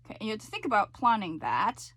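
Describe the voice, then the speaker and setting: A woman's voice: mid-range voice, huge pitch swings, quick pace, fairly bright tone, no room sound. A woman teaching a voice lesson, coaching with frequent check-ins and sung demonstrations. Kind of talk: singing lesson explanation.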